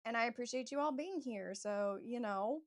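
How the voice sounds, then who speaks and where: Speaking at a normal speed in a fairly high voice, a woman author chats loosely with her livestream viewers during a writing session. She rambles, uses plenty of fillers and restarts, and keeps addressing them as "you guys."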